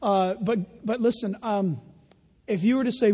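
An older man preaching a sermon as pastor of his church, animated and folksy, acting out the voices he quotes. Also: sits high, measured pace, slightly rough. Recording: long reverb of a church hall.

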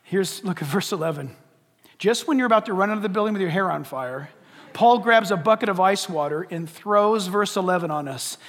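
His voice sits high and fairly bright, with lively intonation and a fairly quick pace, as this pastor preaches from the pulpit. He leans on emphasis and rhetorical questions, and the sanctuary gives the recording a long reverb.

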